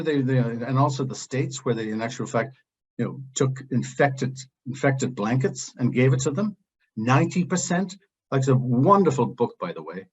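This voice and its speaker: A man's voice: mid-range voice, breathy edge, highs cut off. A man speaking as a panelist in a heated open discussion, blunt and impassioned, drifting into digressions.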